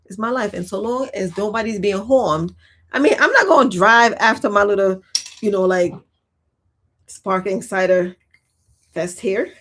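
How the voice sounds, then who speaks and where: A woman's voice: mid-range voice, lively intonation, a little slow, long pauses, a bit bright. A woman in her thirties chatting to camera in a casual, reflective way, laughing often and using many fillers. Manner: talks while eating and sipping. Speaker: vlogger.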